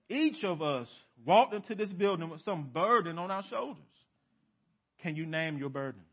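A male pastor preaching a sermon in a church, emphatic, asking rhetorical questions and swinging from loud to hushed. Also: fairly high pitch. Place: church sanctuary. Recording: dull lo-fi sermon recording.

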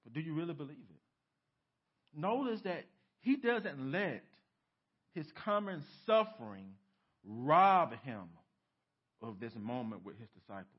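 A husky, somewhat high-voiced man preaches a church sermon, his pitch leaping widely from near-whispered lows to raised, emphatic peaks. He presses the congregation with rhetorical questions. The recording is dull and lo-fi. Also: big pitch swings, slow pace, pauses often. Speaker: pastor. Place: church sanctuary.

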